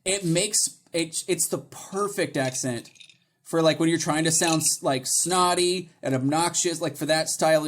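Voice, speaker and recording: A man co-hosting a podcast, chatting casually with excitement, swearing and restarting sentences often. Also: fairly high pitch, normal speed. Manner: excited, profane, many restarts. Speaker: podcast co-host. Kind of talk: casual chat.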